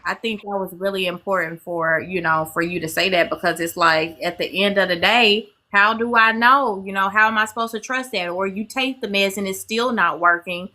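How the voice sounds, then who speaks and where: A woman guest on a casual podcast panel, with a bright, forward voice. She talks in a measured, affirming way. She often pauses on fillers as she gathers her thoughts. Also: mid-range voice.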